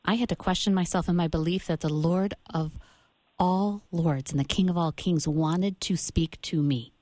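A woman's voice: on the low side, moderate pace, a little mellow, dry recording. A woman guest on a Christian talk show, giving an earnest faith testimony with loose restarts.

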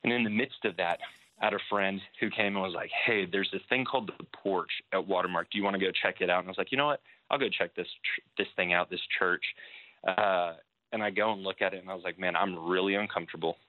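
A man's voice: deep voice, fairly even intonation, fast, dry recording. A young man sharing a candid personal church testimony, telling his story with quoted dialogue. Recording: dry, tinny phone-like sound.

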